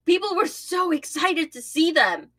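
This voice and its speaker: A young woman with a high, bright voice chats slowly and playfully on a fan podcast. She drags her words out and leans into mock-dramatic complaints. Casual co-host banter with a crisp, sharp tone. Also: very animated. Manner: playful, dramatic outbursts, swearing.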